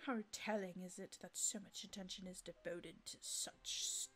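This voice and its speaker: A woman voicing a haughty, condescending male bird who acts as a student council president, in a hushed, breathy voice and a pompous, formal manner. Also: on the low side, steady tone, moderate pace, voice pushed down, lightly acted.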